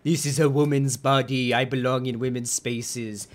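A man's voice: medium pitch, fairly even intonation, normal speed, lightly acted. A man putting on a mocking, sing-song voice of a sneering British woman with a British accent. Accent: British, put on.

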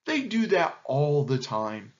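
Storybook hornbill, chatty and sly, raised bright voice, voiced by a man, lo-fi recording. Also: fairly high pitch, wildly swooping pitch, slow, full character voice. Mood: cheerful. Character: chatty male hornbill bird, cheerful and sly.

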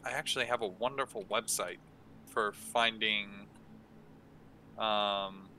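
A man's voice: lowish voice, fairly even intonation, slow, pushed and bright, a little hiss or hum. A man hosting a tabletop game workshop, answering questions casually with many hesitations and restarts. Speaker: dungeon master hosting a workshop. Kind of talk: casual Q&A talk.

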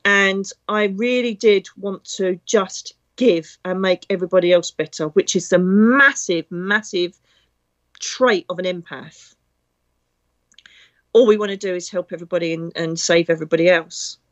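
A woman's voice: on the low side, fairly even intonation, moderate pace. Woman, middle-aged, medium, blunt and chatty, slightly dull recording. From Britain. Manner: blunt, chatty, emotional storyteller. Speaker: psychic medium. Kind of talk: casual spiritual talk.

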